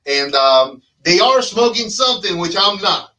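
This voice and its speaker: An animated man hosts a casual live chat, joking and rambling through his sales pitch. His voice is fairly high and very bright. He sits back from a distant mic. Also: measured pace. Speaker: host and cigar brand representative.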